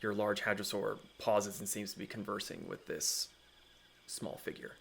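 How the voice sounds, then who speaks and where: A man's voice: fairly low pitch, steady tone, moderate pace, creaky, fairly bright tone, slight background noise. A man acting as dungeon master, narrating a tabletop game with frequent ums and restarts.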